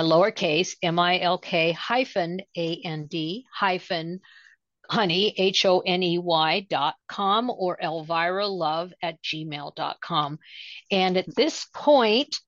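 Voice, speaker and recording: A woman co-hosting a spirituality show in casual chat, talking in a meandering, halting way full of "you know" fillers. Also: lowish voice, a bit bright, no echo. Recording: dull lo-fi dry audio.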